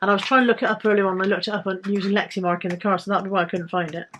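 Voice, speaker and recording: A woman's voice: medium pitch, steady tone, rapid-fire, a bit bright, slight background noise. A British woman vlogging casually about items she bought to resell, chatty and rambling with self-corrections. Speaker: resale vlogger. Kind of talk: casual haul vlog.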